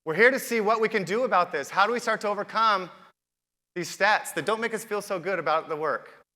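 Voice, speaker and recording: A man's voice: high-pitched, fairly quick, sharp tone. Upbeat man giving a keynote in a hall. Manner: upbeat, addresses the audience directly with questions. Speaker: conference keynote host. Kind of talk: conference keynote speech. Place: large conference hall. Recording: reverberant hall with long echo.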